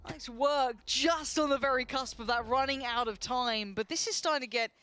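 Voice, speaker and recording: A woman commentating a live esports match, quick and chatty with playful banter. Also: high-pitched, slight background noise. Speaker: esports caster. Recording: broadcast mix with loud music behind.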